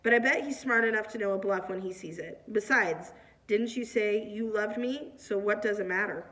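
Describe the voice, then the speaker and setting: A woman reading as a gruff, defensive young man. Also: medium pitch, moderate pace, fairly bright tone, far from the mic, lightly acted. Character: young man, wounded and stung.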